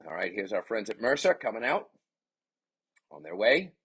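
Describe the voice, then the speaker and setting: A man giving chatty, excitable play-by-play commentary on his son's game, with rambling asides. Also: fairly low pitch, normal speed, breathy edge. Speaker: parent commentator.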